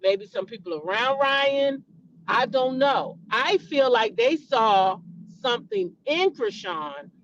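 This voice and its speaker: A woman's voice: sits high, animated, slow, muffled recording, slight background noise. A woman hosting a celebrity gossip show, chatting casually and animatedly to her viewers and calling them y'all.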